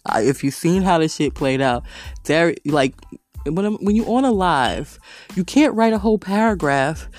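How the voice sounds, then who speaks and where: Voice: mid-range voice, lively intonation, normal speed, no echo, faint music behind. A podcast host telling rambling stories in a casual monologue, swearing constantly and laughing often. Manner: profane, rambling storytelling.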